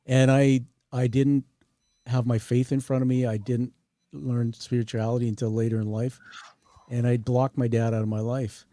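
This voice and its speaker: Earnest man hosting, mellow voice. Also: mid-range voice, flat delivery, moderate pace. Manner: earnest, sharing a personal story. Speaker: podcast host. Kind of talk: emotional interview conversation.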